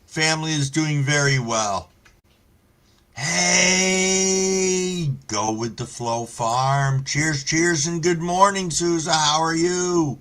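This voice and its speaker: A man's voice: a little high, slow, fairly bright tone. A man hosting a casual live stream, telling stories in a laid-back way with lots of swearing and greeting viewers by name. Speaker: livestream host reading chat.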